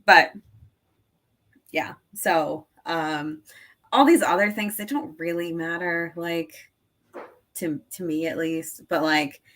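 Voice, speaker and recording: A woman's voice: deep voice, a bit bright. A woman who teaches and sells online, giving a casual screen-share tutorial in a rambling way full of fillers, laughing at herself now and then.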